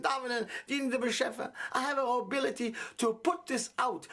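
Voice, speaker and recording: A man who is a rabbi, delivering an impassioned, repetitive monologue that swings from low muttering to raised urgency. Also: fast talker, few pauses, sharp tone. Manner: preachy, emphatic, repeats himself, swings between low mutter and raised urgency.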